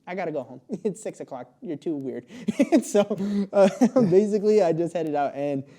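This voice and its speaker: A man's voice: a little high, animated, normal speed, dark tone. A young man telling a long story as a podcast guest, rambling with lots of fillers and frequent laughs. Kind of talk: casual storytelling.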